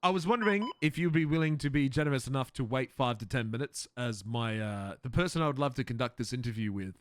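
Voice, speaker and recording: A man's voice: medium pitch, fast talker, slight background noise. A man streaming a game role-play and chatting to viewers, swearing, laughing and rambling.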